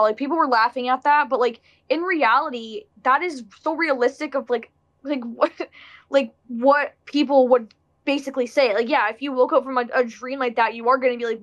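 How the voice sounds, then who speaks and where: A woman's voice: fairly high pitch, steady tone, moderate pace, a bit bright, muffled recording. A woman chatting casually about a film, acting out people's reactions with lots of fillers. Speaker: podcast co-host. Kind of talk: casual movie discussion.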